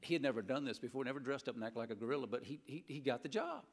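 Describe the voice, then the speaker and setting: A man preaching an animated sermon in a church and mixing in humorous stories. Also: medium pitch, rapid-fire. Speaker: pastor. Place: church sanctuary.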